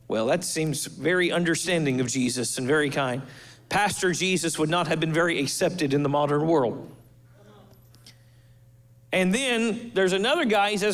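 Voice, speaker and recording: High-voiced man preaching a sermon. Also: a bit bright. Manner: preaching with emphatic pauses and shifts in pace. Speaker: pastor. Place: church.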